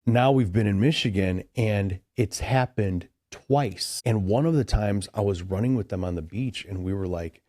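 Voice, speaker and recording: A man's voice: fairly low pitch, moderate pace, hardly any pauses, darkish tone, dry recording, studio quality. A man from Chicago, a podcast guest, telling a long story in a loose, rambling way, full of "like" and "dude". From Chicago, USA. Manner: rambling, heavy use of "like" and "dude". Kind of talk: casual storytelling.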